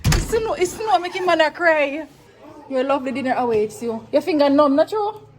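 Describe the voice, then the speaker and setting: A woman's voice: high voice, animated, normal speed. A woman vlogging casually at home, playful and teasing, laughing often. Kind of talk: casual home vlog chat. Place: home during a snowstorm.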